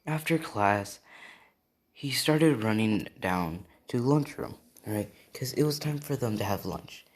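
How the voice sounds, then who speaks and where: A man's voice: medium pitch, lively intonation, unhurried. A young man improvising a fan story, rambling with lots of fillers.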